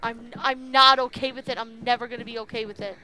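A woman's voice: fairly high pitch, flat delivery, quick pace, pushed and bright, soft background music. A young woman streaming a horror game, talking to herself and her viewers, frightened and swearing, often crying out. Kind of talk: live horror game commentary.

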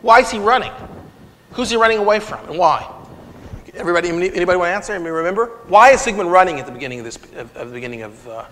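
A man giving a conversational lecture to an audience, animated and retelling scenes with quoted dialogue. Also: high voice, rapid-fire. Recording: long reverb of a lecture hall.

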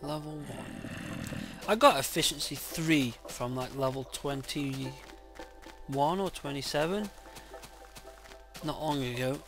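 A man casually commenting on his own gameplay, excitable and quick to swear loudly when frustrated, speaking into a desk mic. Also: on the high side, faint music behind. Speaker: gaming channel host. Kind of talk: casual let's-play commentary.

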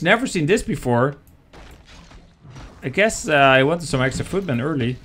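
A man casting a strategy game match live, chatty and excitable, talking to viewers as guys. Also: a little high, moderate pace, pauses often, husky. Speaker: esports caster.

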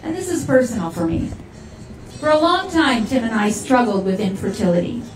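A woman's voice: a little high, a little mellow. Impassioned woman speaking at a rally. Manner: impassioned, leads crowd in chants. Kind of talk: rally speech. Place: large rally hall with crowd. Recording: echoey hall, crowd noise, mic from a distance. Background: cheering crowd.

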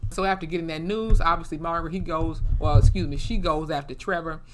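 A woman's voice: low-pitched, fairly even intonation, fast talker, noisy background. A woman casually recapping a TV episode, blunt and salty, with many "you know" fillers. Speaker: TV episode reviewer.

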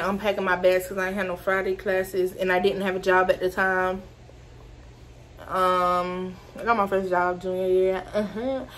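A young woman from Georgia telling a storytime, loose and animated, cursing freely and laughing as she goes. Her voice sits at an ordinary middle pitch. A faint hiss of noise sits under it. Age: 20s. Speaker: vlogger. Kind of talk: casual storytime.

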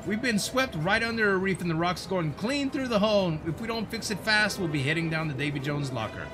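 A loud skeleton ship captain barking urgent orders, as a man puts him on. The voice is pitched high and swings widely. Game music plays behind. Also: expressive, fairly quick. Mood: alarmed.

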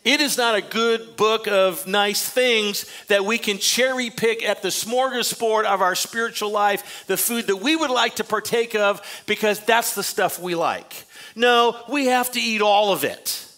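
An older man preaching a sermon as pastor, emphatic and earnest, often dropping to quiet, confiding asides. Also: sits high, a little slow. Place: church sanctuary.

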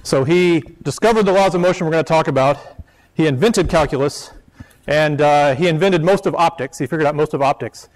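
A man's voice: fairly high pitch, a little fast. A man giving a physics lecture in a chatty, joking way, with poor lecture hall audio. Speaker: physics professor. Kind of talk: classroom lecture.

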